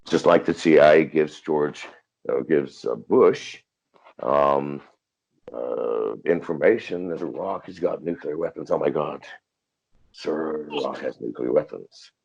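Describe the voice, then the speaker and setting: Older man, extremely low gravelly voice, husky, swearing and defiant, dull lo-fi call audio. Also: a little slow, a little mellow. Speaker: interview guest. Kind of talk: profane storytelling interview. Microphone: video call.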